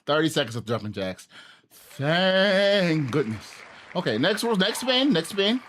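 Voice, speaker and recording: Puffing, animated live streamer. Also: medium pitch, normal speed, slight background noise. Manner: animated, sighing and puffing between sentences. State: out of breath. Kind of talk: casual live-stream chat while exercising.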